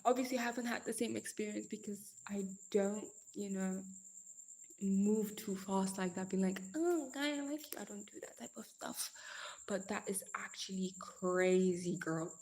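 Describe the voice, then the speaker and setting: A young woman hosting a casual live stream, energetic and chatty, calling her viewers darling and girl. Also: medium pitch, moderate pace.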